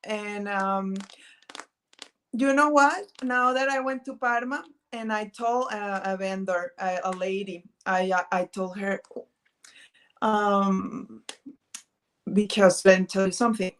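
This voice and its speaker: A woman's voice: mid-range voice, steady tone, slow pace. A woman from Italy, a native Italian speaker, talking casually as a guest on a video call. She keeps searching for her words and often says "mm-hmm". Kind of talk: casual interview chat.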